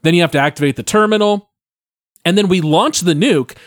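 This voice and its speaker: A man's voice: sits high, a little fast, no echo, studio quality. A man co-hosting a gaming podcast, casually walking through a memory step by step. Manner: descriptive, step-by-step explainer. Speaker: podcast co-host. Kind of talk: casual chat.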